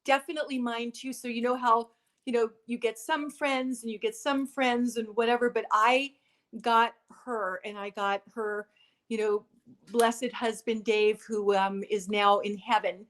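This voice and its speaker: A woman hosting a casual interview chat, lively and playful with her guest. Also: fairly high pitch, a little slow. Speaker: host.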